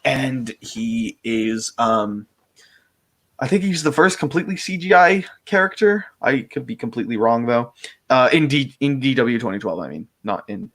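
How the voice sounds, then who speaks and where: A man's voice: mid-range voice, fairly bright tone. Rambling voice actor man, full of fillers. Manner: rambling, full of fillers and restarts, laughs often. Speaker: voice actor guest. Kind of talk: casual interview chat.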